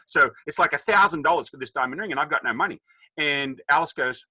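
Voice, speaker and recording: Australian man in his fifties, jokey guest storyteller, piercing bright tone. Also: a little high, fast talker, breathy edge, no echo, rough recording. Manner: animated, joking storyteller acting out dialogue. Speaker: podcast guest. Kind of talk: casual storytelling.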